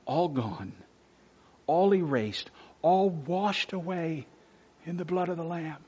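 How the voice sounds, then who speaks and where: A man preaching a sermon from the pulpit to his congregation, earnest, dropping to hushed near-whispers and rising on points of emphasis. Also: on the high side, slow pace, husky, muffled recording. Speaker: pastor. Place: church sanctuary.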